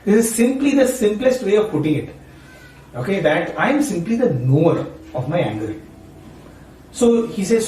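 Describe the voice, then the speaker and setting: With a high, mellow voice that swings widely in pitch, this Maharashtrian spiritual speaker and university teacher talks informally about devotion at normal speed. He pauses often and keeps checking in with "right?" and "you know." He sounds distant in an echoey room, with slight background noise.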